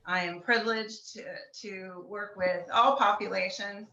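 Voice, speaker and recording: A woman's voice: mid-range voice, steady tone, measured pace, pushed and bright. A woman therapist from the Florida Gulf Coast introducing herself on a video call, hesitant, with many fillers and trailing off. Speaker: licensed therapist. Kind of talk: casual panel introduction. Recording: echoey, dull video call audio.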